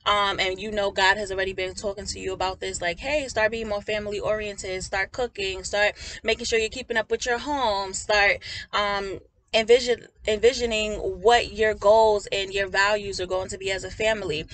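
Raspy, tired woman preaching fervently. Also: mid-range voice, flat delivery, moderate pace, fairly bright tone. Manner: casual, fervent, addresses listeners as family. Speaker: prophetic minister. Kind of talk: preaching to an online audience.

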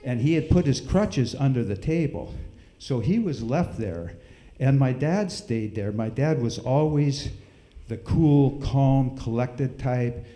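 A middle-aged man telling a folksy, animated story with sound effects during a church service. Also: mid-range voice, slow, reverberant. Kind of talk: storytelling in a sermon. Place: church hall.

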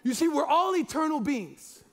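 Man in his forties, very high voice, pastor preaching in a loose, jokey, stumbling way. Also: very animated, moderate pace, a bit bright. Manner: chatty and jokey, with many repeated words and fillers. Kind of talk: sermon.

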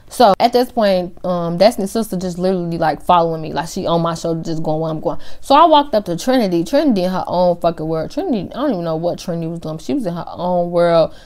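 A teenage girl vlogger telling a story in casual chat, animated and full of slang. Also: fairly low pitch, fast talker. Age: teens.

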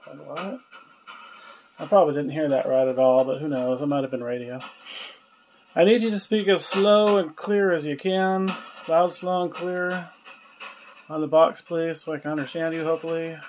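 A man's voice: on the high side, moderate pace, pauses often, a little mellow, slight background noise. A man at home running a spirit box session, patiently asking spirits questions and coaxing them to speak up. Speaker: paranormal investigator. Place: at home, indoors.

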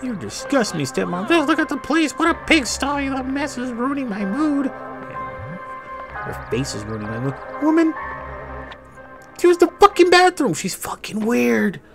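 A man's voice: very high voice, big pitch swings, unhurried, over music, pitched above the performer's own voice, full character voice, low-quality recording. A man voicing his game character, an irritated young guy scolding his stepmother in crude, exasperated rants. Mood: annoyed.

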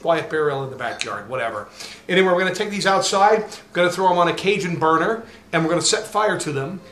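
A man hosting a casual cooking demo outdoors, upbeat and jokey, getting loud with excitement. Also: fairly high pitch, fast. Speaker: home cooking host. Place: outdoor backyard grill area. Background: faint burner roar and outdoor noise.

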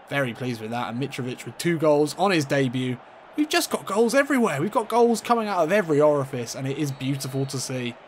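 A man commentating his own football video game match in a playful mock-commentator style, getting excitable and leaping up in pitch at chances. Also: a little hiss or hum. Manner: excitable, jumps high in pitch at chances, laughs often.

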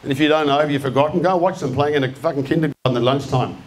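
A man's voice: fairly high pitch, very fast, slight background noise. An Australian man in his fifties giving a live motivational talk, blunt and punchy, swearing freely as he rouses the room. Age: 50s. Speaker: speaker. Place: event venue with an audience.

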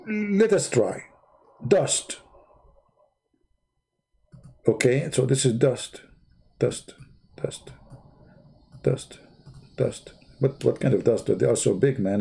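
Mocking, mellow-voiced man talking to viewers. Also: mid-range voice, husky. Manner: mocking, rhetorical questions to the viewer; rambling, with restarts and asides. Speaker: channel host. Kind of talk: sarcastic commentary while drawing.

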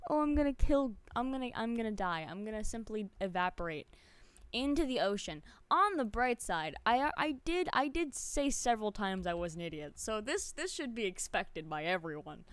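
A woman streams a game live and chats with her viewers, excitable and quick to laugh at herself. Her fairly high voice swings widely up and down. The sound is dry and close. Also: no room sound. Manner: chats to viewers while playing.

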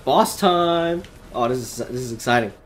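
A man giving live gameplay commentary from his bedroom, excitable and quick to shout and laugh. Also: mid-range voice. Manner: excitable, loud exclamations and laughs. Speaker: gaming YouTuber.

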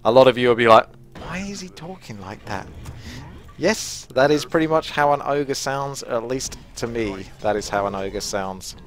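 A man's voice: medium pitch, moderate pace, few pauses. A man hosting his own gaming channel, giving chatty, self-mocking play-by-play commentary. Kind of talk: live gameplay commentary.

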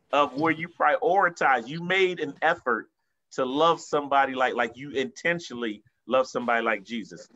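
A man's voice: medium pitch, bright, forceful tone, dull audio. A man leading an informal Bible class, talking casually and coaxing people to share, with a lot of "like" fillers. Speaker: church class leader.

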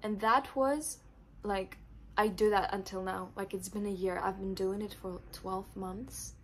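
A woman's voice: mid-range voice, fairly even intonation, unhurried, a little hiss or hum. A young woman, not a native English speaker, telling an emotional personal story in her vlog, with many filler words. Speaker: vlogger.

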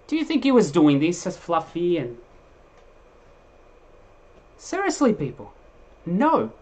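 Guy preacher giving a sermon, emphatic, gets loud then drops quiet, lots of restarts. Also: sits high, wildly swooping pitch, takes it slowly, long pauses.

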